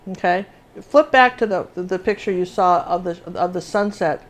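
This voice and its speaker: A woman's voice: fairly low pitch, moderate pace. Chatty older woman teaching painting. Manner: chatty, talks while working, restarts often. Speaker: painting instructor. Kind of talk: live painting lesson.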